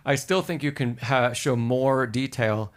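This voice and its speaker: A man's voice: medium pitch, slow. A man teaching piano on a live stream, giving encouraging feedback and singing short phrases to show how they should sound. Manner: encouraging, sings phrases to demonstrate. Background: piano music.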